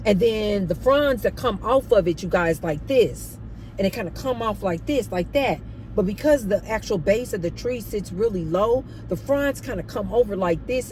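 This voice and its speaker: Brief: a chatty woman vlogger with an expressive voice, telling a story straight to her viewers. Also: medium pitch, moderate pace, slight background noise. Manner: animated, chatty, addresses viewers as "you guys". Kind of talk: storytime monologue.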